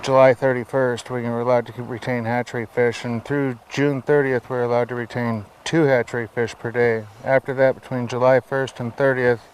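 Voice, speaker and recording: A man's voice: mid-range voice, little pitch movement, normal speed, few pauses, slight background noise, poor audio. A man working as a fishing charter captain, explaining things plainly and matter-of-factly while out on a river boat. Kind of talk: casual on-the-water chat.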